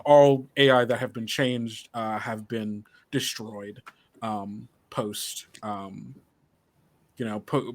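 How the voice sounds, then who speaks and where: A man narrating a tabletop game as game master, halting and full of filler words. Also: on the low side, no echo.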